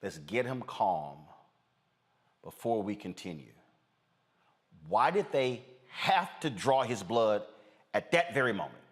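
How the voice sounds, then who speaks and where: A man hosts a live news program in a somewhat low voice. He talks straight to his viewers, calling them folks, and pauses on fillers as he goes. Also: very animated. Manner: direct, addresses viewers as folks, frequent fillers. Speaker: news show host.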